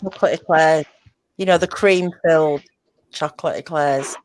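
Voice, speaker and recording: A woman's voice: deep voice, moderate pace, slight background noise. A woman hosting a casual chat show, talking in a rambling, chatty way. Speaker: podcast host.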